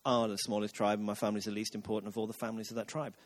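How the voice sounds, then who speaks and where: Casting: preacher doing a low, mumbling self-pitying youth, deflated and mopey. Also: male voice, level tone, very fast, lightly acted.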